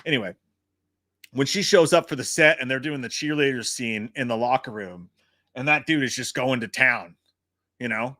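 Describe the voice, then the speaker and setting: A man's voice: medium pitch, normal speed, no room sound, studio quality. A man hosting a casual livestream, talking in a loose, profane way and answering chat comments. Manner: profane, animated storytelling. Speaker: host.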